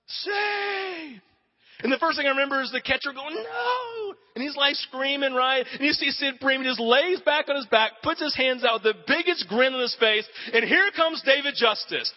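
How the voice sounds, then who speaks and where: Male pastor, 40s, high tenor voice, sermon in a long-reverb hall, animated storyteller with shouted bursts. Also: dull audio.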